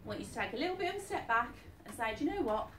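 A woman's voice: on the high side, very animated, racing, a bit bright. A woman working as a psychic medium, giving a chatty live reading to an audience and often asking if they follow. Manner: chatty, keeps asking "are you with me?". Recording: echoey room, distant mic, faint noise.

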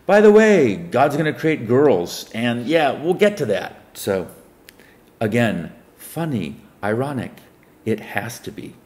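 A man, a self-styled preacher, reading Bible verses aloud and breaking off into rambling commentary, swinging between loud emphatic reading and quiet muttered remarks. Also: medium pitch, very animated, takes it slowly, slight background noise. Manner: reads scripture aloud, then breaks off into rambling asides.

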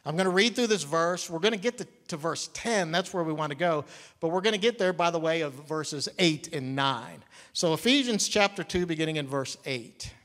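A man's voice: a little high, animated, moderate pace, a bit bright. A middle-aged man preaching a sermon in a church, folksy and interactive with the congregation. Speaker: pastor. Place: church sanctuary. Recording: long hall reverb.

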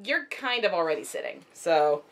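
A woman vlogging a casual unboxing at home, chatty and excitable, cooing at her dogs. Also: fairly low pitch, moderate pace, slight background noise.

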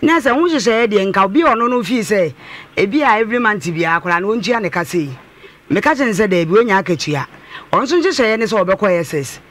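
A Ghanaian woman phones in to a radio show. She talks fast and insistently, with a lively, swooping voice and a bright edge, and keeps repeating her points. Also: medium pitch. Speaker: caller, mother demanding compensation. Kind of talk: radio call-in talk.

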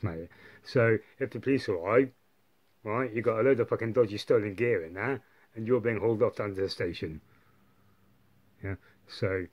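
A man's voice: on the low side, lo-fi sound. A man telling a long story to camera, rambling and swearing heavily, with constant tag questions like "yeah" and "right". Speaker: vlogger. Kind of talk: casual monologue.

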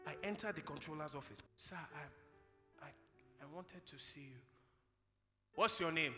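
Young Nigerian pastor, animated sermon storyteller, very bright tone, hall echo. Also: male voice, a little high, moderate pace, pauses often, faint music behind. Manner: storytelling, acts out dialogue, builds to shouted preaching. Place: large hall, live conference.

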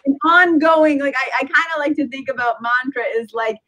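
A woman's voice: high voice, moderate pace, sharp tone, low-quality recording. A woman in her fifties, a spiritual teacher speaking as a guest in a podcast interview, earnest and reflective, often laughing and restarting phrases. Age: 50s.

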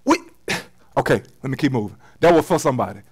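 A man pastor preaching a sermon in a church, casual and slangy, swinging between loud emphasis and quiet, intimate asides. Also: medium pitch, expressive, fast talker, vocal fry, slightly rough, poor audio. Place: church sanctuary.

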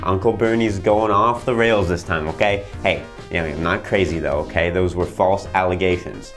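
A man's voice: low-pitched, steady tone, moderate pace, fairly bright tone, soft background music. A man hosting a comedic infomercial, rambling through his sales patter with fillers and restarts. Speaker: infomercial host.

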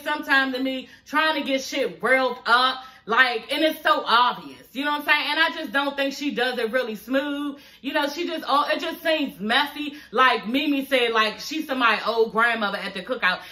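A woman casually recapping a reality show in a profane, animated way, often saying "you know what I'm saying". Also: high voice. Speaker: TV recap vlogger.

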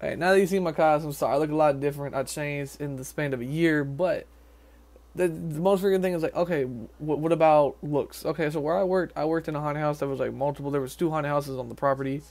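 A young Tennessee man from Nashville, a vlogger who also works as a haunted house actor, talks casually to the camera outdoors in quick, rambling bursts full of fillers and restarts. His slightly high voice is creaky and a little mellow, with fairly even intonation.

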